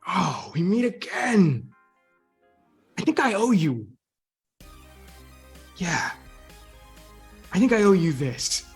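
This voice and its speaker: A man doing a gloating enemy pilot, higher voice. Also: sing-song, takes it slowly, creaky, long pauses, slightly rough, soft background music, exaggerated voice. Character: gloating male enemy mech pilot, vengeful.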